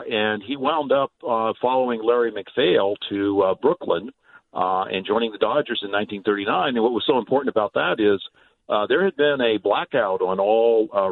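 A man's voice: fairly low pitch, no echo. A man calling in as a guest, explaining at length with frequent hesitations. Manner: hesitant, many filler sounds. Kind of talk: interview answers. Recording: tinny phone line.

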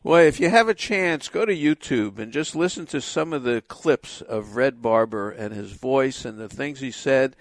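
An older man from Brooklyn hosting a radio interview, telling stories in a lively, nostalgic way. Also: mid-range voice, normal speed, hardly any pauses, no room sound. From Brooklyn, New York.

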